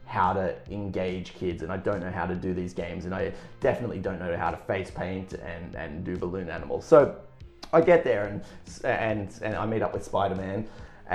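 A man's voice: deep voice, normal speed, vocal fry, echoey room, soft background music. A man in his thirties telling a story in casual chat, rambling and self-deprecating, with lots of restarts and swearing. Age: 30s.

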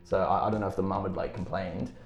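A man telling a story in casual chat, animated and swearing, acting out voices. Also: sits low, fast. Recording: roomy echo, faint music.

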